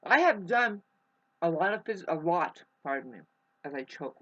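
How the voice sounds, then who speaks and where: In a muffled, lo-fi recording, a woman vlogger rambles through a casual monologue, eating as she goes, swearing freely and often restarting her sentences. Her voice sits lowish and sounds fairly bright, animated and at a normal speed.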